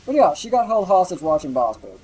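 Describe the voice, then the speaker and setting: A man's voice: high voice, sing-song, fast, a little mellow, breathy edge, rough recording. A young man streaming live, telling a rambling, profane story while he plays a game. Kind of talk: casual chat while gaming on a live stream.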